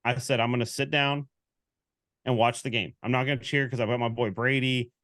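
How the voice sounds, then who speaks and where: A man co-hosting a sports talk show, chatting casually and animatedly. He tells anecdotes by acting out each side of the conversation. His voice sits at an everyday middle pitch and sounds close and dry. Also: brisk, no echo. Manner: animated storyteller, acts out quoted exchanges. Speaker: podcast co-host.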